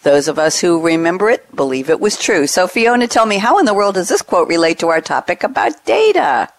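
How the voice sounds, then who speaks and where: Female podcast host, lively and upbeat; dry, close mic. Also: fairly low pitch, a little fast, no room sound.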